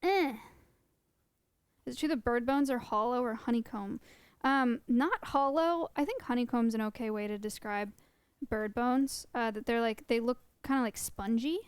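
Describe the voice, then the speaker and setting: A woman's voice: fairly high pitch, normal speed, clean tone, dry recording. A young woman live-streaming, chatting casually with her viewers in a rambling way. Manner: chatty, rambling, laughs often. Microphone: close desk mic.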